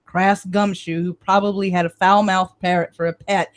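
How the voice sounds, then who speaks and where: A woman hosting a live stream, reading a novel aloud in steady, measured first-person narration. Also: medium pitch. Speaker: reader and stream host.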